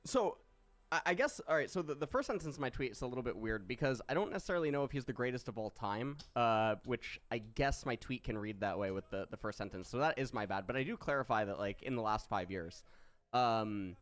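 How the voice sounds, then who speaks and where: A young man and esports streamer talking casually on stream, animated and swearing freely. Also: mid-range voice, brisk. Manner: animated, swears, breaks into loud laughs.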